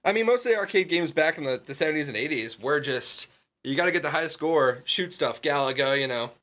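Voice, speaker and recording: A man co-hosting a casual podcast, animated and laughing often, with plenty of ums and uhs. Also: fairly high pitch, fairly quick. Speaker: podcast co-host.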